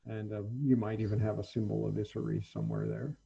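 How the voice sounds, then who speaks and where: A man running a tabletop role-playing game, narrating in a halting way full of ums and pauses. His voice is gravelly and husky. It comes through dull, muffled online audio. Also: fairly low pitch, level tone, dark tone. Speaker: game master.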